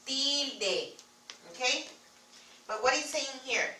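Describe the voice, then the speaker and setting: Woman teacher, Spanish accent, bright voice, echoey classroom heard from far off. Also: high voice, animated, slow, slight background noise. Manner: patient, repeats key words, writes on board while talking.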